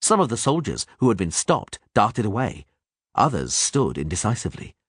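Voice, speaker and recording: Husky man reading an audiobook. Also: on the low side, normal speed, no echo, studio quality. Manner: lively dramatic reading. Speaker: audiobook reader. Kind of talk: audiobook narration.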